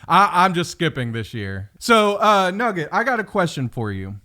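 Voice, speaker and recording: A man hosting a podcast, chatting casually over a video call, rambling and trailing off softly. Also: sits high, very animated, normal speed. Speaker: podcast host. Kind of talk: casual chat.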